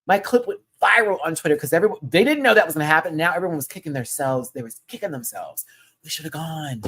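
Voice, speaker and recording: Talking fast, a channel host gives a casual recap of a live show. He gushes in slangy language and keeps erupting into sudden, high, excited exclamations.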